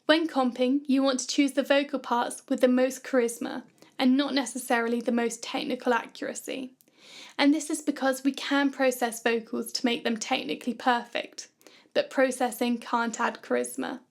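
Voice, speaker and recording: High-pitched woman with a gravelly edge. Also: normal speed. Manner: calm, clear, instructive. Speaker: music production tutor. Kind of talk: scripted tutorial narration.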